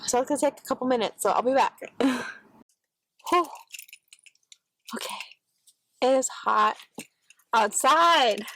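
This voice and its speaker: A woman's voice: high-pitched, measured pace, pauses often, a bit bright, rough recording. A young woman, chatting casually in a vlog from her car, rambling with lots of fillers and cursing freely. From Texas. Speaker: vlogger. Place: in and around her car, partly outdoors. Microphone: phone camera set down nearby.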